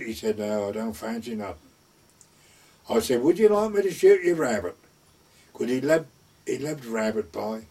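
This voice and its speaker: Husky older man recalling the old days. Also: medium pitch, darkish tone. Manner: plain rambling storytelling full of "he said, I said" and rural dialect grammar. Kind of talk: oral history reminiscence. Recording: voice far from the mic.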